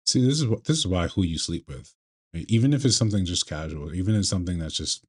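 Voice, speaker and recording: A man commenting on a video clip in a measured, lecturing way, often restarting his sentences. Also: deep voice, lively intonation, breathy edge. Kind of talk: casual commentary.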